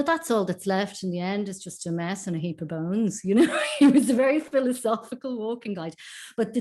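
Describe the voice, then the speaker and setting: A woman facilitating an online discussion over a video call, speaking in a measured, reflective way. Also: mid-range voice, mellow. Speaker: session facilitator.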